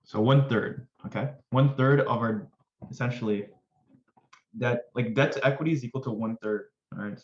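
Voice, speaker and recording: A man's voice: medium pitch, normal speed, reverberant, dull audio. A man tutoring finance in a casual, upbeat way, chatting to viewers with jokey asides. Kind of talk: casual screen-recorded lesson.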